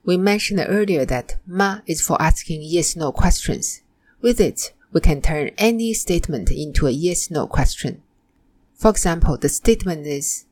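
A woman teaching a Mandarin lesson in a scripted narration, modeling example phrases slowly and carefully. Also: sits low, darkish tone.

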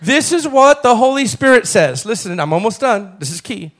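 A man preaching a sermon as pastor, calling on the congregation to repeat phrases and building to loud, fervent passages. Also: high voice, very animated, normal speed. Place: church.

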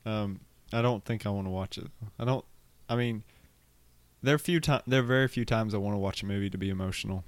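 A young man with a low, smooth voice chats casually as a podcast host. He teases his co-host in a playful way. The sound is dry and close to the mic. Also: no room sound. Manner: playful, teasing, quick to laugh. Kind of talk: casual chat.

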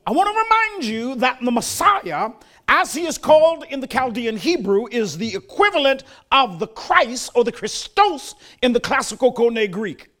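An older man delivers a church sermon. His voice sits high and moves through a wide, animated range. He builds from folksy talk into strong, emphatic preaching. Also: normal speed.

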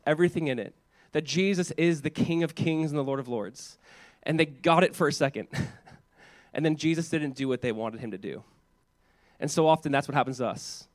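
A man preaching a sermon as pastor, animated and conversational, with chatty asides to the congregation. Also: a little high, no echo.

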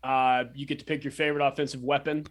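A man's voice: medium pitch, level tone. A man co-hosting a community radio sports show, teasing his partner and rambling through loose, chatty tangents. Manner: teasing, rambling, quick to laugh. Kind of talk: casual sports radio banter.

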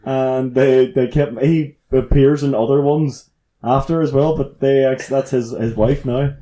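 A man, co-hosting a casual podcast chat and retelling comedy sketches with animated, sweary storytelling. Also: mid-range voice, measured pace, echoey room. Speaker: podcast co-host.

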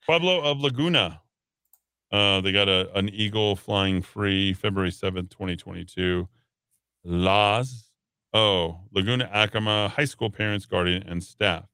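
A man's voice: low-pitched, a little slow, bright, forceful tone, clear, resonant tone, no echo, studio quality. A man hosting a talk radio show, reading listener texts aloud with sarcastic jokes. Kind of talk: casual radio banter.

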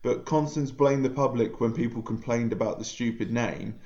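A man's voice: mid-range voice, moderate pace, darkish tone, dull audio. A man co-hosting a casual podcast over a video call, hesitant with frequent ums and laughing at his own stories. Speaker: podcast co-host.

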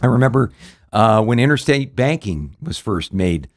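A man's voice: mid-range voice, sing-song, normal speed. A man hosting a radio talk show, telling a story casually with many fillers and restarts.

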